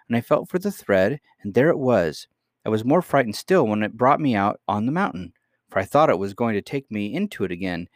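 A man's voice: medium pitch, dry recording, clean studio sound, close to an everyday voice. A man voicing a young princess girl, eager and trusting, in a read-aloud storybook.

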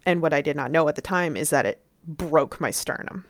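A woman's voice: low voice, fairly quick, no room sound, clean studio sound. A woman telling a story in casual chat, rambling, peppering her talk with "like" and swearing freely.

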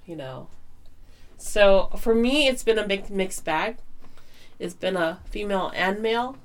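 A woman co-hosting a casual podcast chat, speaking hesitantly and hedging, with halting phrasing. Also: medium pitch, animated. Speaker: podcast co-host.

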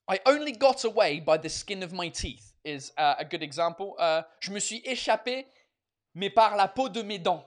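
A man hosting a casual chat with viewers, switching between English and French, animated and swearing freely, with many fillers and restarts. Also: a little high. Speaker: host.

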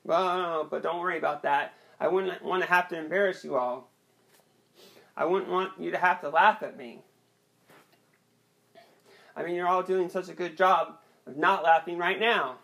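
A young man performing an awkward, rambling stand-up set with a hesitant, deadpan delivery and many restarts. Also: sits high, moderate pace, vocal fry, long pauses. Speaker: stand-up comedian.

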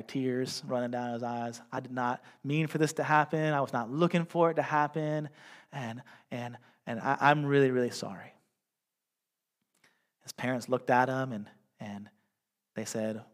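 A man preaching a sermon, reading scripture slowly and telling a story in a hushed voice. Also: medium pitch. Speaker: pastor.

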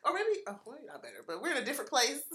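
A woman's voice: sits high, huge pitch swings, racing, fairly bright tone. A woman co-hosting a casual chat, playful and laughing often. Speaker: podcast co-host.

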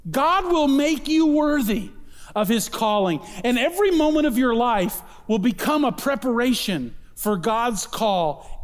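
Man preaching, high voice, emphatic, quick asides and slow stressed words, long hall echo. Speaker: pastor. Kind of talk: sermon.

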